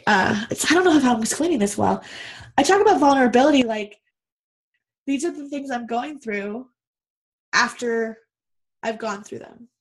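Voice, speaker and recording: A woman's voice: fairly high pitch, expressive, normal speed, long pauses. A woman guest from Canada, a mother and business owner, speaking candidly and earnestly in a casual podcast conversation.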